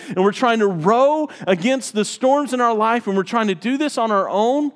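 A man with a high voice preaches a sermon, driving his points home with emphatic repetition. His voice rings out with a long reverb, as in a large hall. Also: normal speed, few pauses. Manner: emphatic, repeats phrases for effect. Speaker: pastor.

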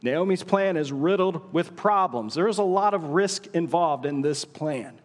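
High-voiced preacher in a reverberant church hall. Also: male voice. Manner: storytelling preacher, dramatic pauses, voices inner thoughts. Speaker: pastor. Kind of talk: sermon. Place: church auditorium.

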